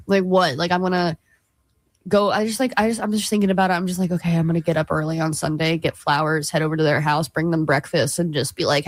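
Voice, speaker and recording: A young woman chatting on a morning radio show, her voice a little lower than most. She rambles animatedly with plenty of "like"s, and the studio sound is dry and close. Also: fast, no echo. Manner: rambling, animated, lots of fillers. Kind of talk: casual chat.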